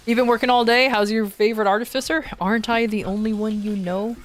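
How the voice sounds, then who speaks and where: A woman's voice: a little high, normal speed, pauses often. A woman streamer chatting casually with her viewers, playful and joking, laughing often. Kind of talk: casual live-stream chat.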